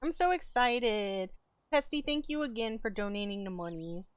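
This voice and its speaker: A woman's voice: medium pitch, moderate pace, clean tone, dry recording, lo-fi sound. A woman streamer chatting casually with viewers while playing a game, laid-back and swearing freely, sometimes eating as she talks. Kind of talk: casual gaming stream chat.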